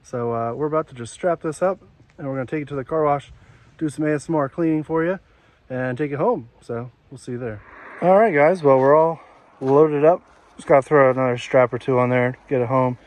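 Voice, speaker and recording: A man's voice: mid-range voice, brisk, darkish tone. A man hosting a casual vlog outdoors, talking to viewers in an easygoing, polite way. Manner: easygoing, polite, loose fillers. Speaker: vlog host. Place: outdoors by roads and yards. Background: outdoor traffic noise.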